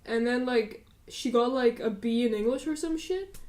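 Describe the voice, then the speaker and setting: Young woman in casual chat, higher pitch. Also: moderate pace, darkish tone. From Russia. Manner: swears freely, heavy use of "like". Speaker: podcast co-host.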